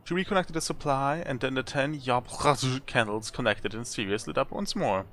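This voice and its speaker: Bright-voiced man reading a game aloud. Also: medium pitch, moderate pace. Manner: reads with chatty asides and chuckles. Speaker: let's play host.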